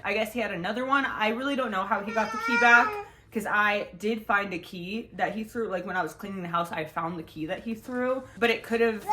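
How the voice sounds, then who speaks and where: A woman's voice: medium pitch, fairly bright tone, a little hiss or hum. A young woman talking straight to camera from home, rambling through a personal story. Her speech is blunt and casual, sprinkled with swearing and constant "like" fillers. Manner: frank and profane, full of "like" fillers. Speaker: vlogger.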